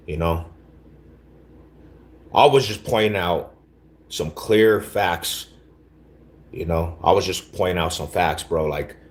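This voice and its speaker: Laid-back slangy man with a very low voice. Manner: laid-back slangy street talk, repeats himself. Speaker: livestream host. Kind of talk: casual livestream chat, reading chat.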